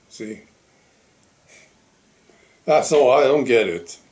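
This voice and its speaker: Middle-aged guy talking slow, halting monologue, stops and restarts a lot, average pitch. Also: a little mellow. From Sweden. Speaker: commentary channel host. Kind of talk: casual monologue commentary.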